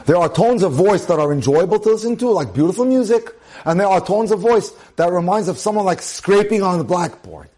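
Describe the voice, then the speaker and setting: Male rabbi, fairly high-pitched, giving a Torah class on relationships in an emphatic style. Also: animated, brisk, few pauses, dark tone. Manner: emphatic, repeats phrases for stress, drops in Hebrew terms. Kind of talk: relationship lecture.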